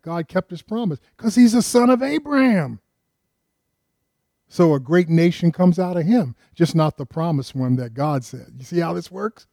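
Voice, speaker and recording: Mellow-voiced man preaching a sermon. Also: on the high side, lively intonation, moderate pace, vocal fry, no echo, clean studio sound. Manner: asks the congregation rhetorical questions; addresses listeners directly and earnestly. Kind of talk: conversational sermon.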